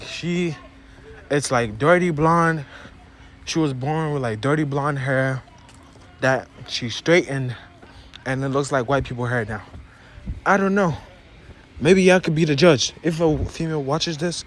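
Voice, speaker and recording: A man's voice: fairly high pitch, fairly bright tone, a little hiss or hum. A young man from Africa, with an accent mixing African and American, giving an opinionated, rambling monologue straight to his viewers. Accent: African mixed with American. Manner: rambling, repeats and restarts phrases, addresses viewers directly. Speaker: vlogger. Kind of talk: opinionated casual monologue to camera.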